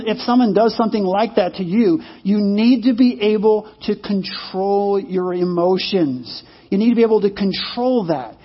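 A man's voice: high voice, husky. A man preaching a sermon in a conversational way, repeating phrases and asking the audience questions, in a slightly muffled recording. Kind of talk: sermon with storytelling.

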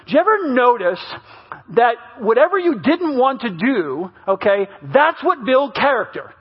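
A male pastor with a very high, husky voice delivers a humorous sermon, bouncing into quick impressions of his family. He is middle-aged and talks like a storyteller. The recording sounds muffled and slightly lo-fi. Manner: animated, mimics family members in stories.

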